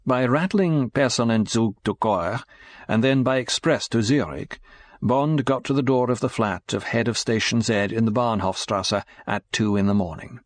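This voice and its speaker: A man giving a measured, scripted audiobook narration. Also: medium pitch, dry recording.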